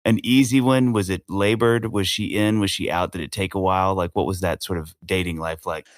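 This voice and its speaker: Low-voiced joking man host. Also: steady tone, brisk, no room sound, studio quality. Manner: jokey, slips into silly voices. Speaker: podcast host. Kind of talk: casual chat.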